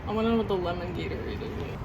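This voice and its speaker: A woman's voice: on the low side, racing, vocal fry, muffled recording, slight background noise. A young woman traveling with a friend, making brief easygoing remarks outdoors. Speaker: travel companion. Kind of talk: casual chat. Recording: loud background music.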